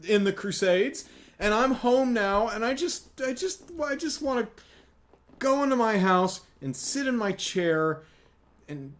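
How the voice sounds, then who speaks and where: A man doing a whiny, squeaky crusader knight. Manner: whining, pleading. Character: whiny weary male knight home from crusades.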